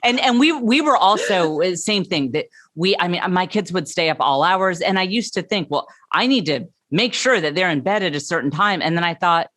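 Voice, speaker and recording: Animated woman comedian guest. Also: on the low side, normal speed, hardly any pauses, no echo, clean studio sound. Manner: animated storyteller, emphatic. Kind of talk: casual interview chat.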